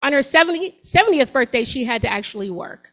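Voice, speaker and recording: A woman's voice: sits high, expressive, fast, a bit bright, rough recording. A woman in her forties doing a stand-up set on a comedy club stage, talking to the crowd in a sassy, conversational way. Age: 40s.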